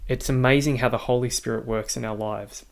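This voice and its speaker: A man's voice: medium pitch, steady tone, creaky. Australian man hosting a podcast. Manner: measured, explanatory, with occasional "uh" fillers. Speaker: podcast host. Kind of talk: reading and answering listener feedback.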